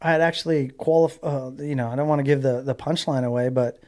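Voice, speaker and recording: A man in his forties from Southern California, a guest in a casual interview, telling a story in an animated way. He fills his talk with likes and you-knows and acts out what people said. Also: medium pitch, quick pace.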